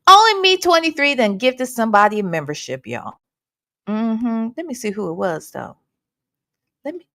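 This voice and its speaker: A woman's voice: high voice, sing-song, moderate pace, fairly bright tone, no room sound. A woman hosting a casual livestream, sassy and playful, greeting her viewers by name. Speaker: livestream host.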